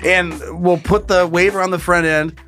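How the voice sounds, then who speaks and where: A man's voice: sits high, fairly even intonation, normal speed, bright, forceful tone, soft background music. A man co-hosting a casual comedy podcast, crude and swearing freely with mock exasperation. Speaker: podcast co-host.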